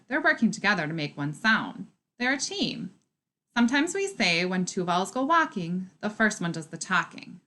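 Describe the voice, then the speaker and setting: A woman teacher giving a recorded phonics lesson, speaking slowly and clearly in an encouraging way. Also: mid-range voice, a bit bright.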